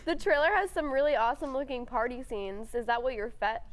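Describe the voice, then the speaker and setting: A woman's voice: high voice, a little fast. A young woman co-hosting a student talk show, upbeat and playful. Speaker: co-host and actress. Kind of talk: casual interview chat.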